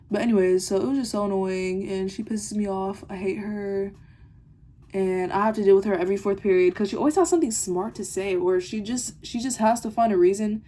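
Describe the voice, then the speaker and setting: A woman's voice: medium pitch, darkish tone. A teenage girl telling a rambling, irritated story about a classmate in a casual video diary. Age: teens. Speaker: vlogger.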